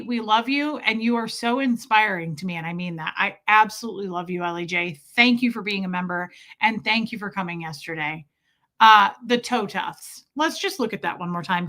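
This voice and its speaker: A woman's voice: mid-range voice, animated, moderate pace, sharp tone. A woman hosting a casual livestream, chatty and gushing as she greets viewers by name. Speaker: livestream host. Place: Kansas City area.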